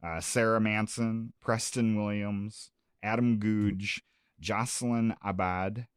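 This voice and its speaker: A man's voice: lowish voice, level tone, slow pace, clean tone, dry recording, studio quality. A man from South Dakota, a music and comedy promoter, chatting casually on a radio show, rambling with lots of fillers and restarts. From Sioux Falls, South Dakota.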